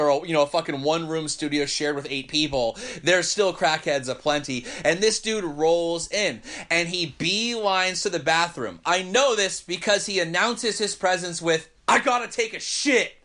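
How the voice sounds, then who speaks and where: A man hosting a podcast, telling a story in an animated, profane, rambling way. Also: on the high side, moderate pace, hardly any pauses. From Northern California. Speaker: podcast host. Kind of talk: casual storytelling chat.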